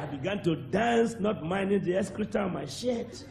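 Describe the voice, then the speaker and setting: A man with a Nigerian accent preaching a sermon, telling a testimony with animated acted-out voices and sudden shouts. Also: sits high, moderate pace, creaky, a crowd in the background, background noise. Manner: animated storyteller, acts out voices, bursts into shouts and laughter.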